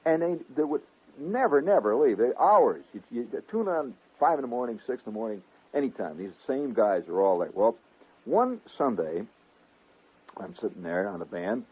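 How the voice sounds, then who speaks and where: A man in his fifties spins a long, wandering radio story, his voice swooping up and down with animated energy and a slightly husky edge. Chuckles slip into his asides. The sound is thin and phone-like, as on an old radio broadcast. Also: medium pitch, moderate pace. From United States. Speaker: radio host. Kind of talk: rambling radio storytelling monologue.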